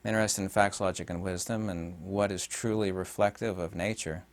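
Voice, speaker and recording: A man talking in a casual vlog monologue, rambling and halting with many fillers, turning emphatic and mocking on his points. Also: low-pitched, fairly even intonation. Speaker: video host.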